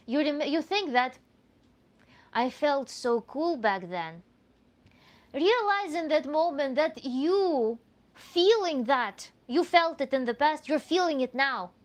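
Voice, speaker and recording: A woman with a Russian accent answers viewer questions as a coach, her voice sitting a little high. She talks in an animated, earnest way, restarting phrases as she works out her thoughts. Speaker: tantra coach.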